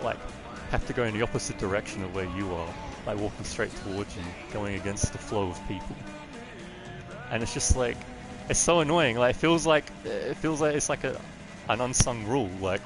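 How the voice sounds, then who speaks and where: A man with an Australian accent, chatting casually and rambling into rants while livestreaming a game. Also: lowish voice. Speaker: gaming livestreamer. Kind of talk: casual gameplay commentary.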